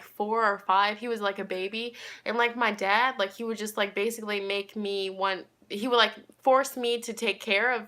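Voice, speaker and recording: A woman's voice: medium pitch, pushed and bright. A young woman chatting to her viewers in a rambling, casual storytime, talking straight to them as she goes. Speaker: tarot reader and vlogger.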